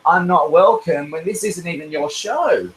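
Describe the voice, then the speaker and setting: An Australian man with a high voice, trading insults in an online group chat. He is sarcastic and condescending, lectures the other person, and keeps talking over them. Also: normal speed, a little hiss or hum, poor audio. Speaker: chat panelist.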